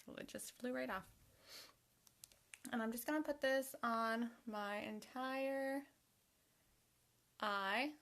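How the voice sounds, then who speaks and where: A woman's voice: a little high, slow, pauses often, a bit bright, slight background noise. A young woman chatting casually to herself while doing her makeup for a vlog, sometimes dropping to a half-whisper. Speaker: makeup vlogger.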